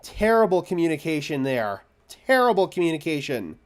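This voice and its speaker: A man calls a football game play by play as a fan, his voice sitting a little high for a man. He sounds exasperated, venting about his team's defense between plays. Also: very animated, normal speed. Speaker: fan commentator. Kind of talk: live play-by-play fan commentary.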